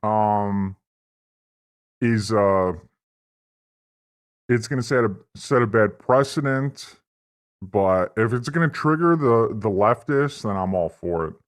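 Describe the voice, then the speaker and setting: A man's voice: lowish voice, lively intonation, slow pace, pauses often. A man hosting a livestream, delivering a profane, rambling, mock-earnest political rant. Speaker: livestream host. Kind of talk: satirical political stream rant.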